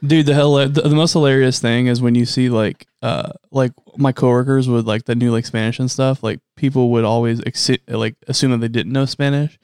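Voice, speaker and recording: A man's voice: medium pitch, fairly even intonation, brisk, few pauses, a little mellow, smooth, no echo. Casting: man, podcast co-host, loose and laughing, dry close-mic sound. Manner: laughs often, swears casually. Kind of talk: casual chat.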